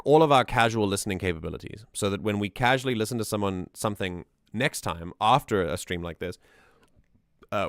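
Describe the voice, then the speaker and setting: A man's voice: low voice, fairly bright tone, no echo, studio quality. Enthusiastic man rambling about music. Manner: enthusiastic, rambling, frequent restarts. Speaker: streamer doing music analysis. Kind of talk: casual livestream commentary.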